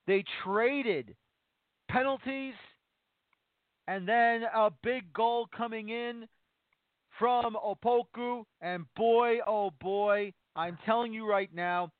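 A man hosting a soccer talk radio show, speaking with excited emphasis. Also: sits high, slow pace, dry recording. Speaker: podcast host. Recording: tinny phone-line sound.

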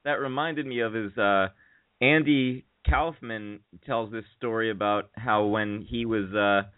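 A man's voice: fairly low pitch, fairly even intonation, measured pace, dry recording. A man co-hosting a radio talk show, teasing and joking as he chats. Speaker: radio co-host. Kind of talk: casual chat. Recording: tinny phone-like radio audio.

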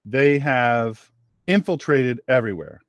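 A man's voice: mid-range voice, lively intonation, a little slow, no room sound, highs cut off. A man hosting a political talk show, delivering an opinionated, rambling monologue, repeating phrases for emphasis and reading out listener messages. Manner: reads listener chat messages aloud.

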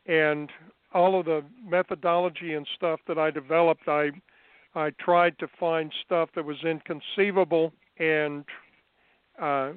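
A man as an interview guest, recounting his past in an unhurried, measured way with frequent fillers, heard over a phone line. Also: a little high, clear, resonant tone, no echo. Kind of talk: remote interview, recounting experiences.

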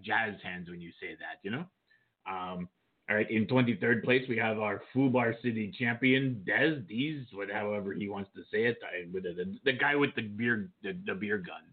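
A man co-hosting a casual show, reading out rankings with flirty, joking asides. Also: on the low side. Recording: tinny phone-like line.

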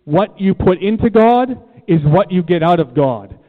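In a church room, a man with a high, animated voice preaches at a measured pace. He stresses his words, returns to key phrases, and asks the congregation questions, all captured in tinny, phone-like sound with long reverb.

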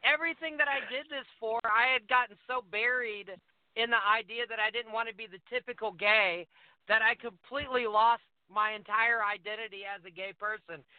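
High-voiced man telling a story by phone. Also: a little fast, clear, resonant tone, dry recording. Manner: animated storyteller, acts out dialogue, laughs often. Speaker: wrestler guest. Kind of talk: casual phone interview storytelling. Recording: tinny phone line.

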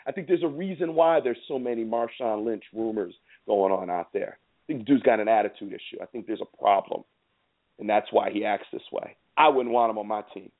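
A man's voice: on the low side, creaky. A man hosting a sports show, ranting in a heated, repetitive and emphatic way. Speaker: show host. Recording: tinny phone-like sound.

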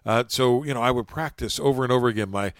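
A man's voice: mid-range voice, quick pace, dry recording. Courteous male podcast host, dry sound. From southern West Virginia. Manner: friendly broadcaster delivery, courteous. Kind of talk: interview podcast.

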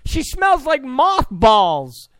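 A man putting on the voice of a stern middle-aged man who keeps shouting commands for quiet in a bossy, repetitive rant. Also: very high-pitched, wildly swooping pitch, very slow, no room sound, clean studio sound, pitched above the performer's own voice, full character voice.

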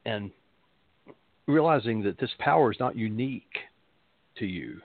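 A man's voice: on the low side, lively intonation, a little slow, dry recording, phone-quality sound. A man, a pastor and show host, giving a spiritual talk and telling stories in a rambling way, repeating phrases for emphasis.

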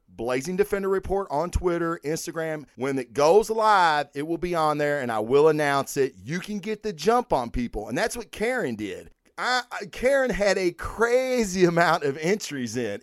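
A man's voice: fairly high pitch, dry recording, clean studio sound. A man hosting a podcast, talking casually and profanely through sponsor plugs and giveaway news in emphatic bursts. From United States. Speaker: podcast host.

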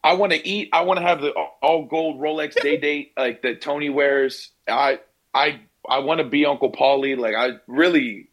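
A young basketball player from Pennsylvania, USA, is interviewed and talks casually and at length, full of fillers and restarts, doing little voices for the people in his stories. His voice is fairly high and a bit bright, at a moderate pace, on a low-quality recording.

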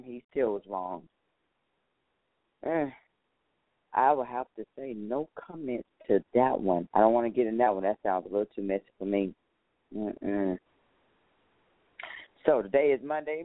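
A man's voice: mid-range voice, dry recording. A man hosting his own talk show in a casual, folksy monologue, chatting to listeners and calling them honey, a little tired. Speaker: show host. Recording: tinny phone-like line, dry.

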